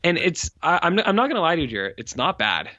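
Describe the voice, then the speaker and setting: A man's voice: a little high, very animated, fast, pushed and bright, no room sound. A man co-hosting a podcast, casually retelling a horror movie's plot with lots of fillers and acted-out character lines. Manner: rambling, heavy "like" fillers, acts out characters' lines. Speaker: podcast co-host. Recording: dry, dull lo-fi podcast mic.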